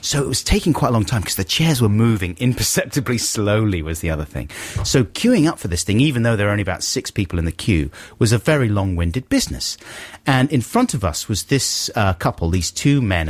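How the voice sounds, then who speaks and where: Man, radio host, animated storyteller, varied pitch, dry studio mic. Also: no room sound. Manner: animated, laughing, acts out quotes.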